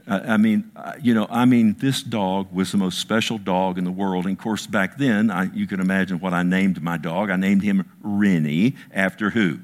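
A man's voice: deep voice, fairly even intonation, normal speed, hardly any pauses. A middle-aged man preaching a sermon, telling a personal story with emotion and stumbling restarts. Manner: storytelling, emotional, repeats words. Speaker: pastor.

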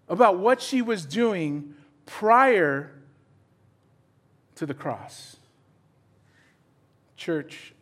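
A male pastor preaches in a high, lively voice that climbs and drops sharply. He is animated, slipping into quick acted-out conversations as he goes. He sounds middle-aged. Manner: animated, acts out dialogue with voices. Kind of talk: sermon.

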